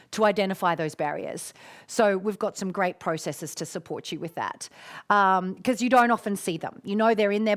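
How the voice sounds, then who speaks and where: A middle-aged Australian woman hosting a live-streamed coaching talk, expressive and affectionate with her listeners. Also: mid-range voice. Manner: warm, expressive, calls listeners "my darling".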